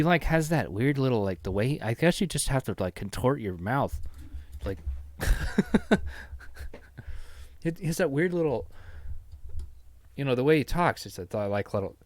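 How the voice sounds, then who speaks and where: A man's voice: medium pitch, lively intonation, moderate pace, pauses often, dry recording. A man hosting his own solo podcast from his basement, rambling, mocking himself and swearing freely. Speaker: solo podcast host and YouTuber. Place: home basement.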